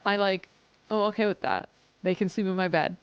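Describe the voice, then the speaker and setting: A woman's voice: mid-range voice, brisk, clean tone, no echo, highs cut off. A woman streaming live, chatting casually with viewers, reading chat aloud and swearing as she acts out customers.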